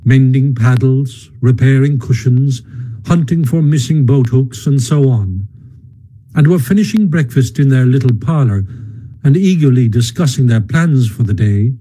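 A man narrating a classic children's story in a measured storytelling voice, sometimes stumbling over a word. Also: medium pitch, expressive, dark tone, slightly rough, low-quality recording. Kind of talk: audiobook narration.

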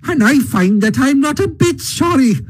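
A man voicing a boastful, excitable male toad who refuses to repent, in a high, gushing, flamboyant manner. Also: normal speed. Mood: gushing defiant.

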